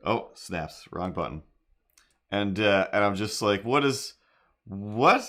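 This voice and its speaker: A man's voice: fairly low pitch, slow. A middle-aged man telling a rambling story on a live stream while drawing, breaking into silly made-up jingles. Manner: rambling, animated, sings silly improvised jingles. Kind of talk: casual livestream storytelling.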